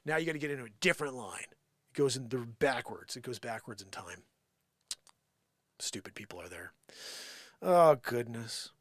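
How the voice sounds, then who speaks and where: A man hosting a live show, ranting in an animated, sarcastic opinion monologue. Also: mid-range voice, moderate pace, pauses often, dry recording, clean studio sound.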